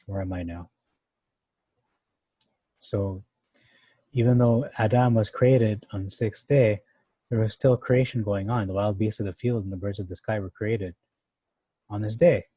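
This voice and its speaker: A man teaches through a Bible passage verse by verse in an easygoing, conversational way, with fillers and side remarks. His voice sits low and dark with a husky edge. The recording is dry and close, with no room sound. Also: dry recording, low-quality recording. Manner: conversational, thinking aloud with fillers and asides. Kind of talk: casual verse-by-verse Bible study.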